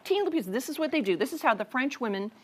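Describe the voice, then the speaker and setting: Upbeat lady showing recipes on a tv kitchen segment, slightly high voice. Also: lively intonation, racing, slight background noise. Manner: chatty, upbeat demonstrator. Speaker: dietitian cooking guest. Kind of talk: lively TV cooking segment.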